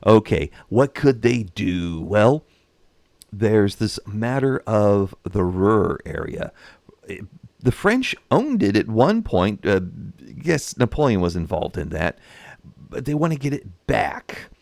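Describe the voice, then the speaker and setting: A man with a lowish voice gives casual history commentary about a strategy game. He talks in an animated way and acts out nations in voices. The sound is close and dry. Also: takes it slowly, vocal fry, dry recording.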